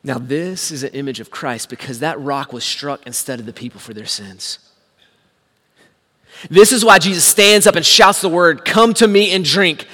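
A man preaching a sermon, telling the story with animated swings from hushed to shouting. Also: sits high, big-room sound. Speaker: pastor.

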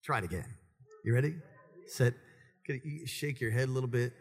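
Gravelly-voiced male preacher. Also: expressive, a little fast, long reverb tail. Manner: builds to loud, high-pitched preaching, then drops low and conversational; humorous asides to the congregation. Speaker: pastor. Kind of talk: sermon. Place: church sanctuary with congregation.

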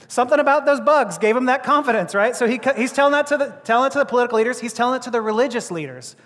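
A man's voice: extremely high pitch, animated, fast, a bit bright. A male preacher giving a sermon, joking and laughing as he talks, often restarting his words. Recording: long reverb of a large hall.

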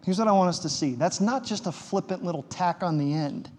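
A man's voice: high-pitched, a little fast, darkish tone. A man preaching a sermon as pastor, conversational and emphatic, with wry quips. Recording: long hall reverb.

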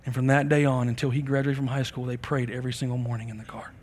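A man preaching a sermon in a church service, telling stories with animated delivery and acting out the people in them. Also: medium pitch, fast talker. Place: church sanctuary during a service. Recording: long reverb of a large hall.

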